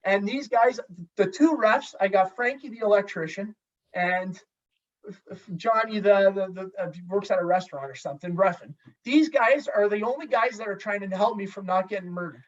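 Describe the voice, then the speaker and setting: A man, a former hockey goalie, telling a story in a casual, animated way and swearing freely. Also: high-pitched, moderate pace. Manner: animated, profane, acts out dialogue. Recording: slightly distant, dull lo-fi sound.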